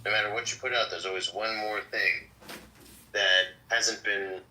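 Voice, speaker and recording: A man weighing in on politics in relaxed chat, his voice fairly low but very bright. He talks in a measured way, pausing often on "uh" and "um.". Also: low-quality recording. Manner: measured, many "uh" pauses.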